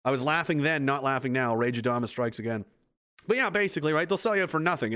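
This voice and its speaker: A man's voice: medium pitch, lively intonation, quick pace, sharp tone, clear, resonant tone. A man from East Coast Canada hosting a livestream, reading out chat comments in a blunt, profane, rambling way.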